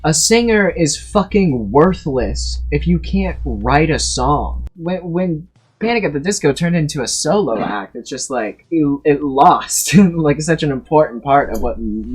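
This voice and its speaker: A man's voice: fairly high pitch, husky. A man in his twenties giving blunt, profane, emphatic opinions in a casual ranking monologue, full of restarts. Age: 20s. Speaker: tier list video creator.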